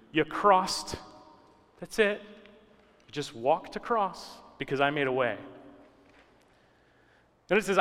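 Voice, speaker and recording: A man's voice: fairly high pitch, fairly bright tone, long reverb tail. A man preaching a conversational, teaching sermon, repeating key words for emphasis. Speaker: pastor.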